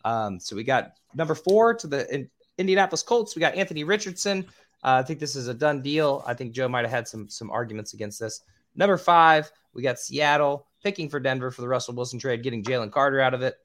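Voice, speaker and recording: A man hosting a casual podcast who stumbles over names and swears now and then, with a voice he calls squeaky. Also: lively intonation, fast talker, fairly bright tone. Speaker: podcast host.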